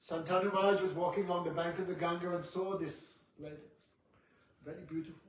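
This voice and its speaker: Casting note: male class teacher, chatty storyteller, slightly high voice, distant echoey room. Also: little pitch movement, fast talker. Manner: chatty, joking asides to students. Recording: roomy hall from a distant mic.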